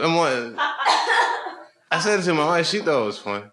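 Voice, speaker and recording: A man's voice: fairly high pitch, big pitch swings, moderate pace, pauses often, very noisy. A male comedian bantering casually with fans after a show, joking and laughing often. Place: crowded room after a show.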